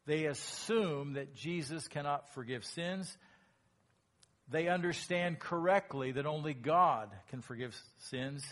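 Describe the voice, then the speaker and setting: Male pastor, slightly high voice, animated sermon delivery with acted-out quotes. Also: slow pace. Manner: animated, acts out quoted lines in a raised voice.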